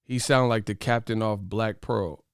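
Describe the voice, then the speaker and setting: A man's voice: fairly low pitch, fairly even intonation, measured pace, clean tone, no echo, clean studio sound. A man hosting a casual boxing commentary channel, brash, profane and mocking as he trash-talks to his viewers.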